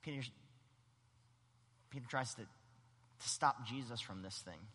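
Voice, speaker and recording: A man preaching a sermon, animated and acting out the voices in the story. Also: mid-range voice, slow pace, husky, in a large hall. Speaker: pastor.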